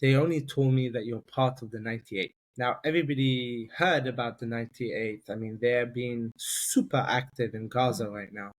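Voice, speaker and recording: Guy from london, husky voice, talks fast and trips over his words, gets loud and high when it matters. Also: steady tone. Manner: rapid, halting, repeats himself, rises sharply when emphatic. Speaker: interview guest, army reservist. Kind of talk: emotional personal storytelling.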